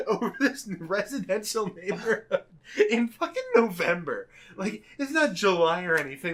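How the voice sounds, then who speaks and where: A young man with a fairly high voice spins a rowdy story in easygoing podcast chat. He laughs through his lines, swears freely and acts out each person he quotes. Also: expressive, unhurried, fairly bright tone.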